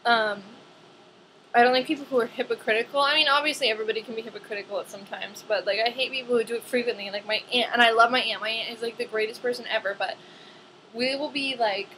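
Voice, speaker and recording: A young woman ranting casually to camera in a vlog, chatty and animated, with lots of "like". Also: fairly high pitch, fast, a little hiss or hum, low-quality recording. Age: young adult.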